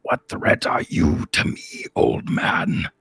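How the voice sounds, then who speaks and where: A man voicing a huge menacing male demon in a low hissing whisper. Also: takes it slowly, a bit bright, dry recording.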